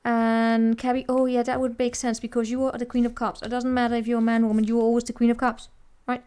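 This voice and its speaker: A woman's voice: on the high side, little pitch movement, fast talker, warm tone, clean tone. A woman giving a casual, chatty tarot reading to viewers, teasing and laughing as she talks, often restarting her sentences. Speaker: tarot reader.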